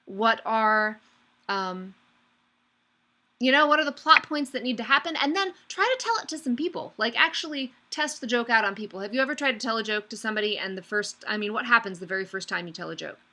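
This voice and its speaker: A young woman leads an online class in a chatty, upbeat tone, calling students by name. Her voice sits fairly high with a bright, forceful edge. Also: lively intonation, a little fast. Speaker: online course instructor. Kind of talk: live online class lecture.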